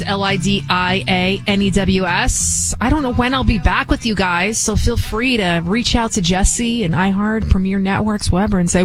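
A woman's voice: a little high, poor audio. A woman with a Bronx accent, whose first language was not English, guest-hosting a talk radio show in a chatty, rambling, emphatic way. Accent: New York, Bronx. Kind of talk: conversational talk radio monologue.

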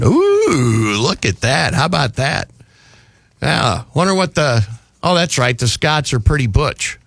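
A man's voice: fairly high pitch, huge pitch swings, a little slow, creaky, fairly bright tone, no echo. A man hosting a talk radio show, delivering mocking, sarcastic commentary on a studio microphone.

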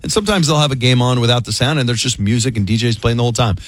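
A man's voice: mid-range voice, racing, no room sound. A middle-aged man hosting a morning radio show, chatting loosely and telling a story with frequent fillers. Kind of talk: casual morning radio banter.

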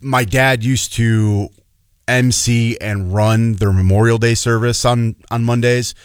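A man's voice: mid-range voice, fairly even intonation, slow pace, clear, resonant tone, dry recording, clean studio sound. A man in his thirties from the Chicago area, co-hosting a talk show and telling stories in an earnest, emotional way. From Chicago area, Illinois. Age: 30s. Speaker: radio show co-host. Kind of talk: casual chat.

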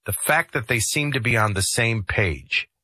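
A man hosting a talk radio show, musing conversationally with drawn-out pauses. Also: medium pitch, lively intonation, pushed and bright, no room sound. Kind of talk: casual talk radio commentary. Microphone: studio microphone.

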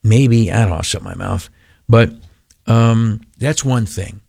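A man's voice: on the low side, measured pace, vocal fry, dark tone, husky, no room sound, studio quality. An older man giving an informal devotional talk in a folksy, rambling way with many fillers.

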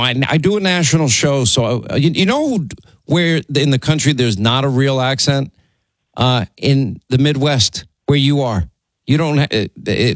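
A man's voice: medium pitch, no room sound, poor audio. A man hosting a call-in radio talk show, chatty, with stammering restarts.

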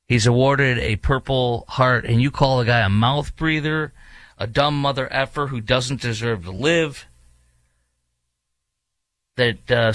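A man's voice: mid-range voice, fairly bright tone, dry recording. Heated male talk show host, dry mic. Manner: heated, emphatic, with many fillers. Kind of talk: opinionated talk radio monologue. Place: studio in a large US city.

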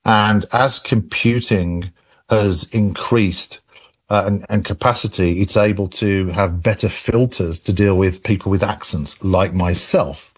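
An English man with a low, husky voice, talking through a question on a radio call-in show. He rambles, restarts his sentences and repeats words as he explains. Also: measured pace. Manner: rambling with many restarts and laughs. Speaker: AI expert guest.

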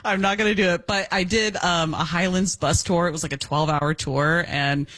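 A woman from the United States chatting casually as co-host of a talk show, animated and quick to laugh. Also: lowish voice.

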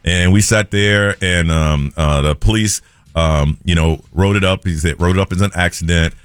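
A man, a morning radio host telling a story in an animated way and acting out the people in it. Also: deep voice, moderate pace, smooth, no echo. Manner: animated storyteller, acts out quoted voices.

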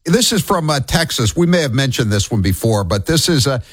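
A man's voice: medium pitch, expressive, a little fast, breathy edge, no room sound, clean studio sound. A man hosting a talk radio show, speaking bluntly and scornfully and rambling with restarts as he takes callers. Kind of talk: opinionated talk radio chat.

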